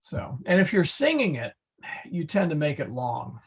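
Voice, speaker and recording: A man teaching a Latin class, explaining slowly and patiently with many fillers. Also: a little high, very animated, fairly bright tone, breathy edge. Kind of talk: online class lecture.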